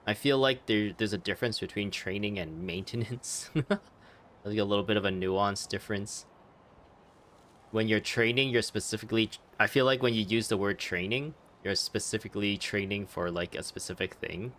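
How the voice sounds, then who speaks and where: A man's voice: on the low side, normal speed, fairly bright tone, a little hiss or hum. A man chatting casually over gameplay, rambling and laughing often. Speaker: game streamer. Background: game audio.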